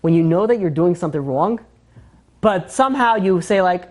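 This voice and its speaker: Guy rabbi teaching a class, super animated, cracks jokes, keeps doing the voices of people in the story. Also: sits high, moderate pace. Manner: animated and joking, acting out quotes in character. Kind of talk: casual Torah class.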